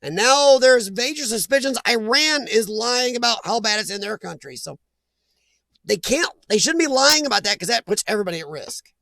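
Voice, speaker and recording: A man's voice: very high voice, expressive, moderate pace, vocal fry, bright, forceful tone, no echo. A man hosting a casual livestream chat, reading viewer comments and giving blunt opinions with easy laughs. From Midwestern US. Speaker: livestream host.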